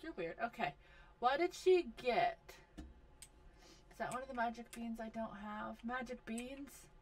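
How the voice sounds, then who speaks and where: A woman's voice: a little high, animated, a little slow. A woman giving casual commentary over a life simulation game, talking to and scolding her characters with frequent exasperation. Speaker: gaming video host.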